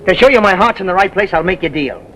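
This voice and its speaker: Slangy car salesman, 1930s comedy, wheedling patter, high lively voice. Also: very fast, a little hiss or hum, low-quality recording. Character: fast-talking slangy male used-car dealer. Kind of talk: 1930s film comedy acting.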